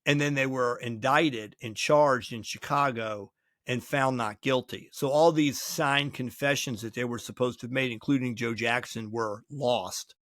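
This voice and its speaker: A man's voice: medium pitch, steady tone, measured pace, fairly bright tone, no echo. A man co-hosts a casual podcast with a mid-range voice, and he acts out quoted dialogue as he tells his stories. The sound is dry and close, with almost no room behind it. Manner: storytelling, acting out quoted dialogue. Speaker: podcast co-host.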